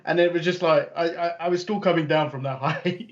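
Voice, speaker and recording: A man's voice: a little high, steady tone, fairly quick, lo-fi sound. A man with an English accent co-hosting a wrestling podcast, wry and laughing. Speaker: podcast co-host. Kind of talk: casual wrestling chat.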